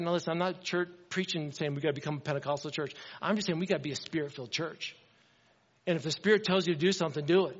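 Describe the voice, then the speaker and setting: Man, pastor, high voice, earnest sermon, asks questions, long hall reverb. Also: fast, highs cut off. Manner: earnest, conversational preaching with rhetorical questions.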